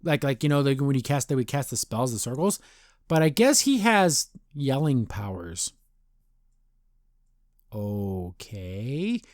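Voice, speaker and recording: A man's voice: medium pitch, big pitch swings. A man hosting a podcast, giving a casual, rambling recap of a cartoon episode with lots of restarts and fillers. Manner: rambling, loose retelling with frequent restarts and fillers; slips into quick paraphrased character voices.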